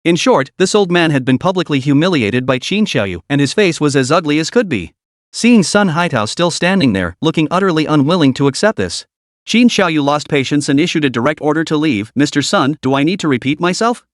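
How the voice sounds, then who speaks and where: A man narrating a comic-drama story recap in a steady, scripted way. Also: on the high side, a little fast, no room sound, studio quality.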